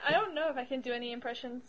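A woman's voice: sits high, a bit bright, low-quality recording. A woman co-hosting a podcast in casual chat, teasing and laughing often. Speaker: podcast co-host.

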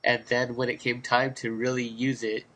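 A man's voice: mid-range voice, monotone, moderate pace, pushed and bright. A man co-hosting a podcast in casual chat, with dry teasing banter. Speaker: podcast co-host.

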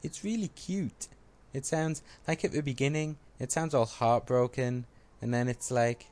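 A man with a mid-range, slightly mellow voice speaks at a normal pace. He's co-hosting a podcast, chatting casually, cracking jokes, poking fun at himself, and slipping into funny voices.

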